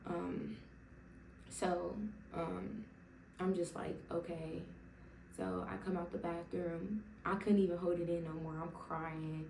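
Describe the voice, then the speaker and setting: Gravelly-voiced young woman sharing her testimony. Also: lowish voice, level tone, slow, darkish tone, distant mic, slight background noise. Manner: emotional and rambling, many 'like' fillers and restarts. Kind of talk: personal testimony told casually to camera. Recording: roomy sound from away from the mic.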